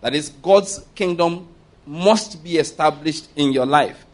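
Emphatic man preaching, fairly high voice. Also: slow pace. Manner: emphatic, asks the congregation for amens, laughs mid-point. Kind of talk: sermon.

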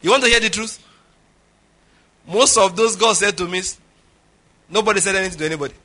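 A man's voice: sits high, brisk, bright, forceful tone. A Nigerian man preaching a sermon as pastor, telling humorous stories and acting out conversations. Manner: humorous storytelling, acts out dialogue, laughs often.

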